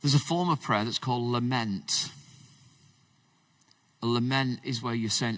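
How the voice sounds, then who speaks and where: A man preaching a conversational sermon, swinging between loud emphasis and hushed, low passages. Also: unhurried, pauses often, no room sound, distant mic. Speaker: pastor. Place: church.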